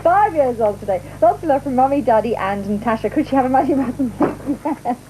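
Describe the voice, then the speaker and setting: Bubbly high-voiced female kids' TV host. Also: expressive, fairly quick, noisy background. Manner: bubbly, teasing, chatty. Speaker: TV presenter. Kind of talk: children's TV birthday slot. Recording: archive TV audio with faint music.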